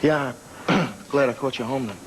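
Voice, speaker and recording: An actor playing a young man who pleads haltingly with the woman he loves, in a 1980s daytime soap opera. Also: medium pitch, noisy background, close to an everyday voice. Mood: awkward, hurt. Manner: halting, pleading, soft-spoken. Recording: archived TV recording with music.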